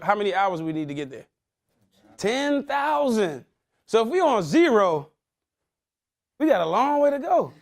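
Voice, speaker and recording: A man giving a motivational talk, quizzing his young audience in casual slang. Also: high-pitched. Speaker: motivational speaker.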